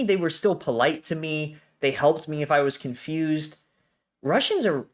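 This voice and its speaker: A man's voice: fairly high pitch, a bit bright. A young American man from Colorado, a guest in casual conversation, telling stories animatedly and laughing often. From Colorado, USA.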